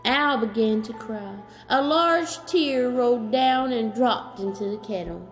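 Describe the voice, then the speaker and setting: A woman reading a children's story aloud as storyteller, gentle and slow, chatting to a child in between. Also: on the high side, faint music behind.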